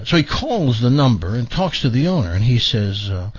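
A man hosting a radio show, telling a long joke in a loose, animated way. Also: medium pitch, fast talker, hardly any pauses, dry recording. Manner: animated, loose storyteller with fillers. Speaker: radio host. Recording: dull dry studio sound.

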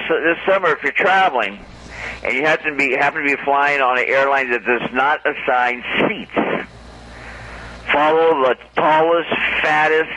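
A man hosting a radio show, reading entertainment news with jokey, animated asides in casual banter. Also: medium pitch, low-quality recording.

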